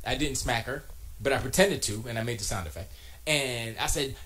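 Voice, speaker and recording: A man's voice: medium pitch, animated, normal speed, fairly bright tone. Man rambling and joking on a livestream. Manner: rambling and joking, with muttered asides to himself. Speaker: live streamer reading chat. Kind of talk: casual livestream chat. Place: home music studio.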